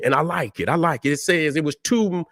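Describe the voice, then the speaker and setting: Man, fairly high voice, delivering a combative, profane livestream sermon with a dry close mic. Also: brisk, fairly bright tone, dry recording. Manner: combative, repetitive "you see what I'm saying", profane. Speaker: livestream host. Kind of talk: preaching livestream monologue.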